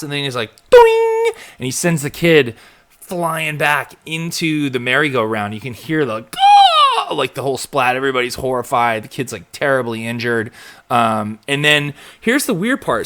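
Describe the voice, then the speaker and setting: Guy rambling through a live recap, animated, mid pitch, does little voices. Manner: rambling, animated, acts out quotes. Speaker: host of a live show. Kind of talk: casual live recap chat.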